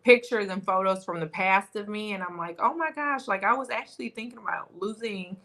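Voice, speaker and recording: A woman's voice: medium pitch, a little fast, creaky, fairly bright tone. A woman guest on a podcast, talking in casual chat in an earnest, reflective way.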